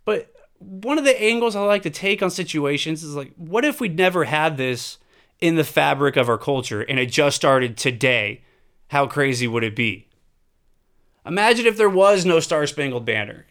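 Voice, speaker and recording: A man's voice: fairly high pitch, expressive, moderate pace, fairly bright tone, clean tone. Emphatic man ranting. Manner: emphatic, profane, rhetorical questions. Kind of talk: opinionated monologue.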